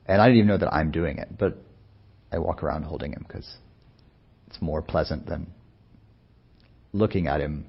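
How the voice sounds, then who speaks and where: A man speaking as a meditation teacher in a soft-spoken, unhurried, musing way, with many pauses. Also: rumbling low, vocal fry, slightly rough, highs cut off. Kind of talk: reflective dharma talk.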